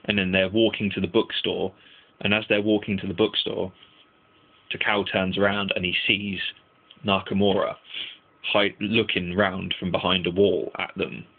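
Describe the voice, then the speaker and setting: The sound is thin and phone-like, lo-fi. Through it comes a man's deep, gravelly voice with a breathy edge as he, an anime reviewer, casually rambles through an episode recap, cursing and performing the characters' dialogue.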